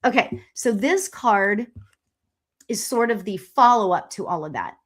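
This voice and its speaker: Gushing, excitable woman medium on a live stream. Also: medium pitch, measured pace. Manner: gushing and excitable, with frequent laughs and exclamations; chatty and rambling, with fillers and restarts. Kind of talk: live-stream tarot card reading.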